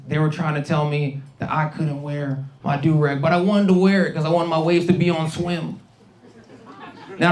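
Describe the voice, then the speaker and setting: A man in his thirties doing a stand-up comedy set, animated and slipping into put-on voices. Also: high voice. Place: comedy club stage with audience.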